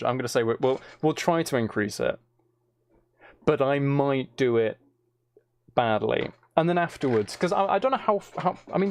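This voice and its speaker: Guy streaming, rambly and unsure, bit of fry, dry sound. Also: mid-range voice, no echo. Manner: chatty, hesitant, reads out chat messages. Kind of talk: casual live-stream chat.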